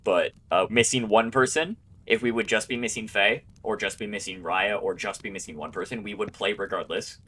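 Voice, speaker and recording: A man running an online tabletop game as game master, talking in a relaxed, rambling way with many fillers. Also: fairly low pitch, fairly quick, hardly any pauses, slightly rough.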